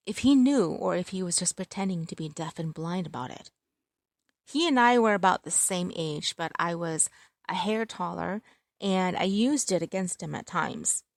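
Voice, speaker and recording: A woman reads a first-person romance story in a wry, conversational tone. Her voice is on the low side, and the recording is dry and close. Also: no echo. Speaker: story narrator.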